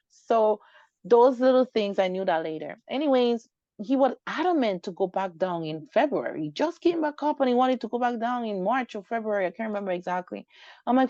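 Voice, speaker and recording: A woman's voice: fairly high pitch, normal speed, no echo. A woman guest recounting a personal story in an interview, animatedly acting out the dialogue. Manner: animated, acts out quoted dialogue. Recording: dull lo-fi dry recording.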